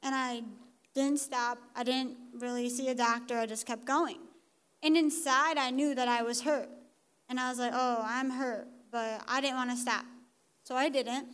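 High-voiced teen girl giving testimony. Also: steady tone, normal speed, fairly bright tone, smooth. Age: teens. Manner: casual, youthful, uses like often. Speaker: church member giving testimony. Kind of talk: personal testimony.

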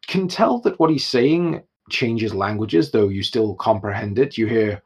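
A young man narrating a tabletop game as game master, in an animated style with chuckles. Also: lowish voice, unhurried, hardly any pauses, slightly rough.

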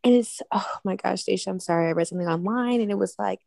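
A young woman talking in an easygoing, rambling way, full of fillers. Her fairly low, mellow voice has a gravelly fry, recorded close and dry. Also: quick pace, hardly any pauses, no room sound. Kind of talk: casual conversation.

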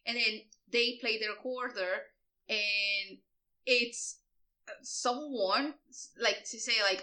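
A woman chatting excitedly about a horror film, jumping in often. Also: medium pitch, slow, low-quality recording. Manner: excitable, jumps in, swears casually. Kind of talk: casual film recap chat.

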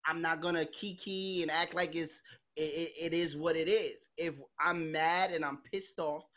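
Blunt, lower-voiced woman podcast host. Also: fairly even intonation, moderate pace, fairly bright tone. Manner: emphatic, blunt, swears freely. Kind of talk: casual chat.

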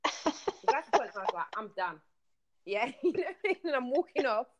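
Brief: woman, storytelling guest on a call-in podcast, animated, plays out dialogue. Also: high-pitched, fast talker, highs cut off. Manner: animated storyteller, acts out quotes. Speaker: guest telling travel stories. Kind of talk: casual podcast chat.

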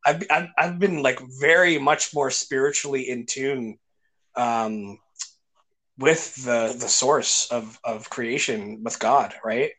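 A man's voice: medium pitch, slow pace, fairly bright tone. A man hosting a podcast, telling stories in casual chat with lots of fillers and restarts. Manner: enthusiastic storytelling with many fillers and restarts. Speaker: podcast host.

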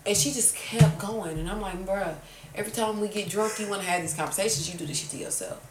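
Woman in her 20s, podcast host, animated storyteller, swears freely, roomy room, distant mic. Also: mid-range voice, quick pace. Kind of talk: casual chat. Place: room at a kitchen table. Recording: roomy sound, from far off the mic, faint noise.

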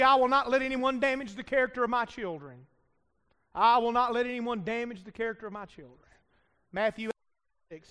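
A man's voice: extremely high pitch, pushed and bright. A middle-aged pastor preaching a fiery sermon, pressing hard and calling out for amens from his congregation. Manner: emphatic, calls for amens from the congregation. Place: church sanctuary. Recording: long hall reverb.

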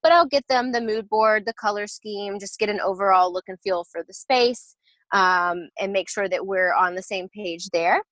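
A woman's voice: medium pitch, moderate pace, fairly bright tone, dry recording, rough recording. A woman interior designer explaining her work process in a casual interview, chatty and full of fillers and restarts.

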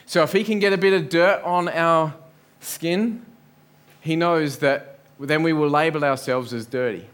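A man's voice: fairly high pitch, unhurried, fairly bright tone. A man preaching a sermon in a church, earnest, building up lists and rhetorical questions. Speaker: pastor.

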